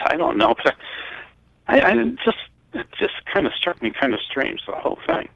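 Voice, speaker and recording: Rambling older man with lively pitch. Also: vocal fry, no room sound, lo-fi sound. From Michigan. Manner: rambling, halting storyteller with many restarts. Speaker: guest. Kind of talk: recounting a personal story.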